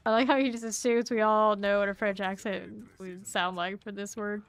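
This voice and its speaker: A woman streaming a video game, chatting casually with her viewers and reacting with quick asides and laughs. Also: mid-range voice, steady tone, no echo. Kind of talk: casual chat while playing.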